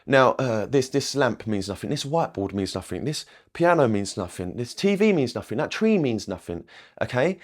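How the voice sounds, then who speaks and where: A man's voice: medium pitch, very animated, fairly quick. A young man talks straight to the camera as a spiritual coach, in an everyday mid-range voice. He rambles and repeats himself, and keeps checking in with "okay?" and "right?". He swears casually as he goes. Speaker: manifestation coach.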